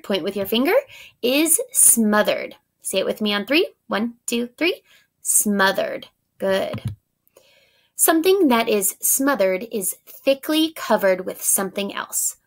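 A woman teacher going over vocabulary words with young children, speaking slowly and clearly and counting along with them. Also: medium pitch.

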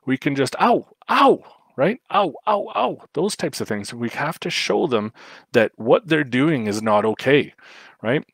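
A man's voice: medium pitch, expressive, unhurried, no echo. A man giving a livestreamed talk on raising puppies as a dog trainer, explaining at length with frequent fillers and restarts.

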